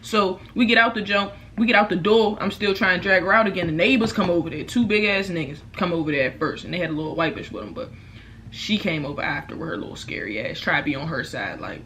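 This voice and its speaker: Animated young woman telling a wild story. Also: fairly low pitch, fast talker, a little hiss or hum. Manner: animated, profane, acts out quotes loudly. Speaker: vlogger. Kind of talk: casual storytime while eating.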